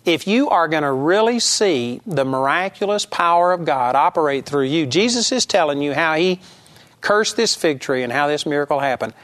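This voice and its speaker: A man preaching a sermon, teaching earnestly and emphatically, repeating his key phrases and slowing down to stress scripture. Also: a little high, lively intonation, fairly bright tone.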